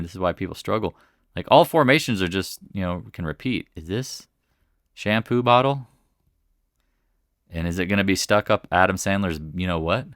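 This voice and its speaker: Male market commentator, casual and blunt, low pitch, punchy tone. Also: a bit bright, dry recording, studio quality. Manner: blunt, exclamatory, repeats "again" and "right?". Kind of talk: casual chart review commentary.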